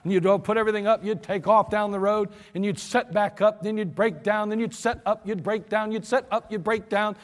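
A man's voice: high-pitched, brisk, hardly any pauses. A man preaching a sermon with storytelling and acting out the voices of the people in his stories. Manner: animated storyteller, acts out voices. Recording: long hall reverb.

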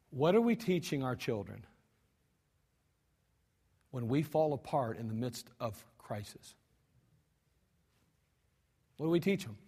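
A male pastor preaching a sermon, animated, acting out cries and mock cussing with frequent restarts. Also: a little high. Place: church sanctuary. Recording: archived service recording with long hall reverb.

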